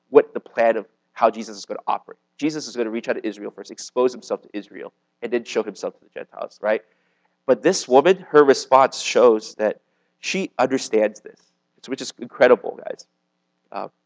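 Poor audio captures a mid-range male voice preaching an informal sermon to a young crowd in a meeting room. He sounds like a youth pastor and chats rather than lectures, saying "like" and "okay?" frequently.

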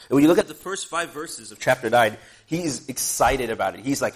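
In a church, a man with a mid-range voice preaches in an easygoing, conversational style. He pauses to let an interpreter speak and tosses in joking asides.

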